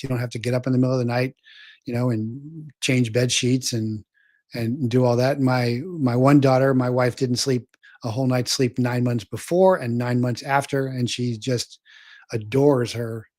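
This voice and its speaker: Older male host, casual stream chat, rambling with fillers, dry close-mic sound, mid pitch. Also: no echo. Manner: rambling, many fillers and restarts. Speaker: show host. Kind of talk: casual livestream talk reading viewer comments.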